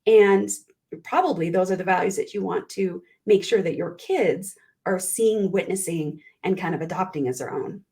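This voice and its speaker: A woman guest on an interview show, a performance coach telling heartfelt stories in an animated way and often clearing her throat. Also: fairly low pitch, moderate pace. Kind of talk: conversational interview.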